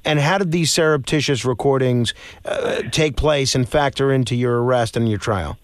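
A man hosting an interview, asking measured, halting questions. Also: mid-range voice, no echo, clean studio sound. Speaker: radio host.

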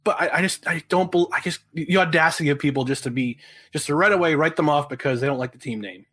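Fast husky man in sports talk. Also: a little high, a bit bright. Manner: indignant, halting restarts.

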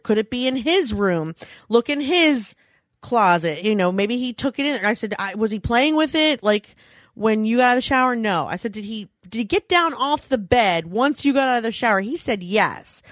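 A woman in her thirties telling an animated story in casual chat, laughing often and swearing freely. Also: a little high, dry recording. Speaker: storyteller, mother.

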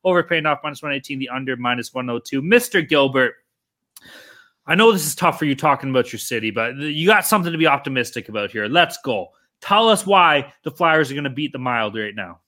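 A man's voice: medium pitch, lively intonation, a little fast, sharp tone. A man co-hosting a sports betting podcast, chatting casually and swearing often. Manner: loose, swears often, joking. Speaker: podcast co-host.

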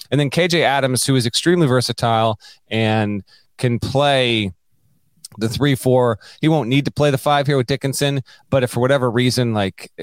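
A man with a fairly low voice hosts a sports podcast and lays out his views at a measured pace. His delivery is steady and conversational, and the close mic keeps the sound dry. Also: no room sound. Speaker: podcast host. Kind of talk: casual podcast chat.

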